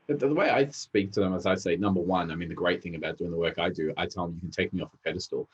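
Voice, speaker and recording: Deep-voiced, husky man guest, rapid and animated. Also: dull audio. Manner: fast, animated storytelling. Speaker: interview guest, behavioural specialist. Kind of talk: casual interview talk.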